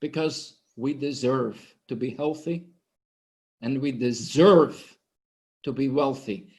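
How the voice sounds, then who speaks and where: A man giving an impassioned, blunt motivational pitch to an online group, swearing freely and sounding emotional. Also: slow pace, a little mellow. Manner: intense, blunt, swearing, preachy. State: emotional, sniffling. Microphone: online conference microphone.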